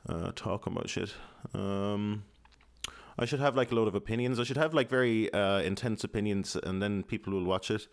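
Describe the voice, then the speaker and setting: Irish man, young adult, lowish voice, dry close sound, rambling, sweary, mumbled fillers. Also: moderate pace, no echo. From Ireland. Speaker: podcast host. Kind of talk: casual rambling monologue. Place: home apartment.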